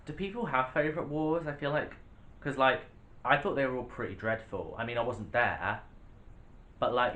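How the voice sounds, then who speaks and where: A man's voice: medium pitch, sharp tone. A young man, a drag artist, answering fan questions in a casual vlog, playful and sassy with cheeky jokes. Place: home, sitting on a sofa.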